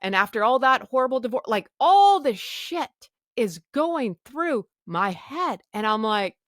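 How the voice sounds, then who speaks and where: A woman's voice: on the high side, very animated, measured pace, no echo. Middle-aged woman on a podcast, raw and candid, swears a lot, dry close mic. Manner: candid, emotional, swears freely, acts out her thoughts. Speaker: podcast host. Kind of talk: personal storytelling.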